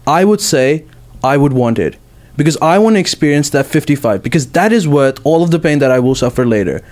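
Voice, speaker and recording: A man's voice: on the high side, lively intonation, a little fast, a little mellow. A young man co-hosting a podcast, defending his view firmly and insistently. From Australia. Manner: firm, insistent. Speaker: podcast co-host. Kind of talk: casual chat.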